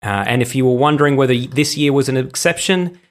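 A man's voice: medium pitch, fast. Man, podcast co-host, casual chat, dry jokes, swears a lot. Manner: swears freely, dry joking.

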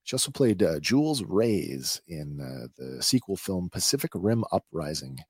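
A man hosting a podcast, recapping a TV episode in a conversational, halting way. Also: deep voice, big pitch swings, creaky, a little mellow, husky, no echo, clean studio sound. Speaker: podcast host.

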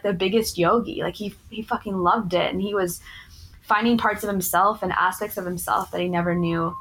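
A yoga teacher in her thirties who is in addiction recovery earnestly shares stories from her work as an interview guest, sprinkling in plenty of "like." Her mid-range voice is a bit bright. The low-quality recording carries a little hiss or hum.

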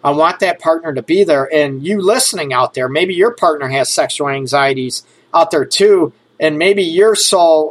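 Fairly high-pitched and moderately paced, this man barely pauses as he hosts a relationship advice show. He speaks frankly and casually to listeners, joking now and then and constantly checking in with "okay?" and "you know."

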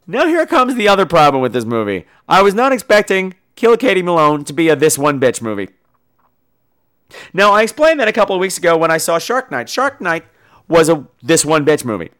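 A man's voice: on the high side, brisk. A man hosting a horror podcast, ranting sarcastically and profanely as he reviews a movie. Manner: animated, sarcastic, acts out characters. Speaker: podcast host.

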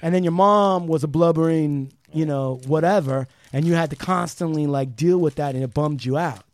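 A man's voice: a little high, normal speed, a little mellow, dry recording. A man hosting a podcast in casual chat, probing his guest and acting out remarks as quoted asides. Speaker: podcast host.

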